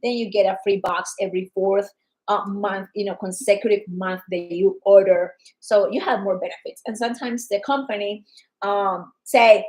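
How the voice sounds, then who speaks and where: A woman from Colombia with a Colombian Spanish accent, chatting casually and excitedly about a wellness product, acting out customers' lines. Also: medium pitch, normal speed, low-quality recording. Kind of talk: casual livestream chat.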